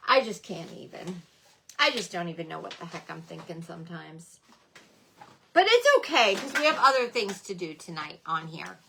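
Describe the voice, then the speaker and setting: A woman's voice: fairly low pitch, animated, normal speed, gravelly, sharp tone, a little hiss or hum. A middle-aged woman hosting a casual crafting livestream from home, chatting about her supplies, scolding herself for forgetting things and greeting viewers by name.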